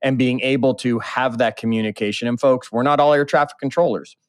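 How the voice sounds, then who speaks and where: A podcast host with a steady, medium-pitched voice conducts a conversational interview at a brisk pace. He sounds enthusiastic and often speaks straight to the listeners, and the recording is clean, studio quality, with no room sound.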